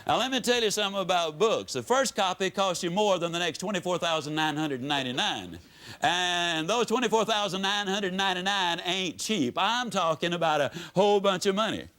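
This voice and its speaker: A man's voice: high-pitched, a little fast, a bit bright. A man giving a motivational speech to a live audience, telling folksy stories with sweeping rises and drops in his voice. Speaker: motivational speaker. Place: stage before an audience.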